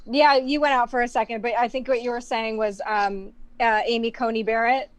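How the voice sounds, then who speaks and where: A woman's voice: a little high, fairly even intonation, fairly quick, no echo. A woman co-hosting a live podcast, playful and hesitant, with many fillers. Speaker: podcast co-host.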